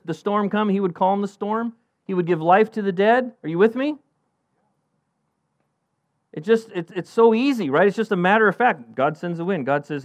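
A middle-aged man preaching a sermon as pastor, animated, acting out Bible characters in a raised voice. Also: dry recording. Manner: animated, acts out Bible characters with rising pitch.

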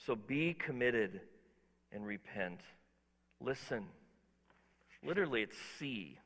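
A pastor preaching a sermon, emphatic, swinging between quiet asides and loud exhortation, putting questions to the congregation. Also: male voice, mid-range voice, moderate pace, in a large hall.

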